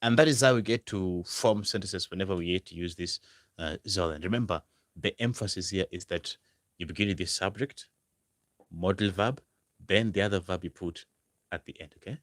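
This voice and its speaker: A man teaching a language lesson, repeating example phrases slowly and stressing each word. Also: deep voice, a bit bright, no echo, clean studio sound. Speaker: German language tutor. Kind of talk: slow, repetitive language lesson.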